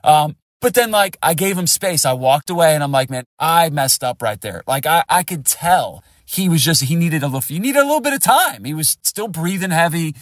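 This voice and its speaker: A man's voice: on the high side, animated, normal speed, no room sound, studio quality. A man in his forties, a podcast host, candidly telling a rambling story. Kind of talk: casual conversation.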